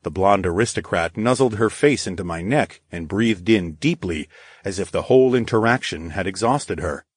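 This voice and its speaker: A man narrates a story in the first person, his pitch rising and falling freely. The recording is close and dry, with no room sound. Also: animated, moderate pace, husky, dry recording. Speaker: audiobook narrator.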